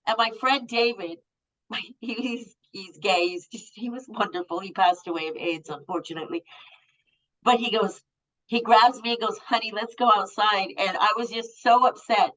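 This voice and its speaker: A woman's voice: mid-range voice, normal speed, a bit bright, rough recording. A woman in her fifties, a guest telling a personal story in a blunt, raw and profane way. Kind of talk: candid storytelling.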